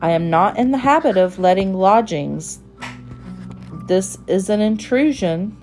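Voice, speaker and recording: A woman's voice: mid-range voice, very animated, a little slow, mellow, faint music behind. A woman voicing a fussy, very particular little female mouse, prim and proper in manner. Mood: cross.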